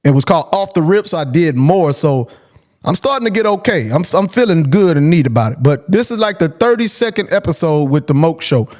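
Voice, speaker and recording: Male host, high-pitched voice, blunt and emphatic, repeats himself, casual monologue. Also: expressive, brisk, darkish tone. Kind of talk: casual call-in show monologue.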